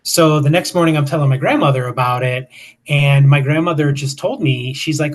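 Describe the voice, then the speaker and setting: A man's voice: a little high, moderate pace. A man in his fifties, a paranormal investigator, telling stories casually in an interview with many fillers and restarts.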